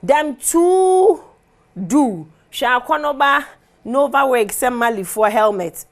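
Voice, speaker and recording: A woman's voice: a little high, lively intonation, unhurried, fairly bright tone. A woman with a Ghanaian accent hosting a TV entertainment segment, chatting animatedly and laughing as she switches languages. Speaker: TV show host. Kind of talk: casual entertainment commentary. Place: TV studio.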